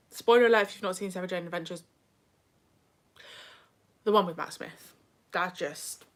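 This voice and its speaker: A young British woman hosting a casual livestream, reading chat and talking with self-deprecating asides. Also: on the low side. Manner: chatty, self-deprecating, drifts into whispers.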